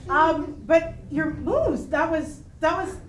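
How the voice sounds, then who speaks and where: A woman's voice: sits high, expressive, takes it slowly. A woman doing an upbeat cheerleading friend. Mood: encouraging. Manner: upbeat and supportive, laughing along. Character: chatty encouraging woman friend, Sheila. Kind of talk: improv scene acting. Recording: echoey club, distant mic, audience noise.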